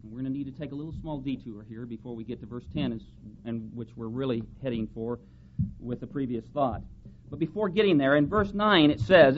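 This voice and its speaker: A man's voice: mid-range voice, fairly quick. A man preaching a sermon, reading scripture aloud and pressing his points with strong rises in emphasis. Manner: emphatic, rising and falling for stress, reads scripture aloud. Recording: dull lo-fi sound with faint background hiss.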